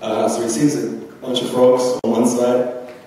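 This philosophy talk comes from a young man at a conference, speaking loosely and chattily with many ums in a large lecture hall. His medium-pitched voice is level, a little slow and dark in tone, with a bit of hiss or hum, captured far off amid echo.

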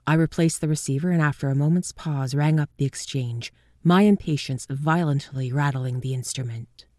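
Woman narrator, low, dark voice, hushed, whispers often, dry close sound. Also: moderate pace, no echo. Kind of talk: scripted story narration.

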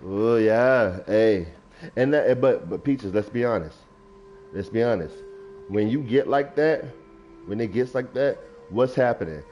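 Young male streamer, lively and sermonizing, dull lo-fi mic. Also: lowish voice, unhurried, slight background noise. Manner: animated, preachy riffing on feelings, reads chat aloud. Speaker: gaming streamer. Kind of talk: casual livestream talk.

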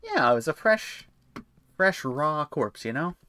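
A man's voice: a little high, very animated, unhurried, bright, forceful tone, no echo. A man streaming a horror game in casual commentary, playful and self-mocking, swearing freely as he jokes along.

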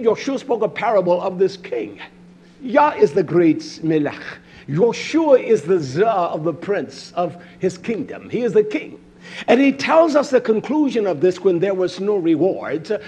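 Man, preacher, high husky voice, fiery sermon, swings between quiet and loud. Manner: preaching with rising and falling intensity, frequent "hallelujah".

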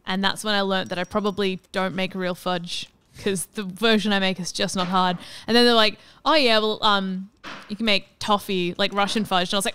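A woman's voice: medium pitch, fairly even intonation, fairly quick, fairly bright tone, clear, resonant tone, no room sound. A woman chatting casually on a stream, telling rambling stories with a giggle. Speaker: stream co-host. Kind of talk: casual chat.

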